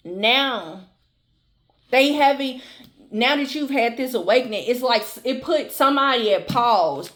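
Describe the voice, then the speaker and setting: A woman giving a tarot reading to her viewers, blunt and emphatic, swearing freely and repeating phrases for emphasis. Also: fairly high pitch. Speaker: tarot reader. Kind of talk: channel tarot reading, casual and direct to viewers.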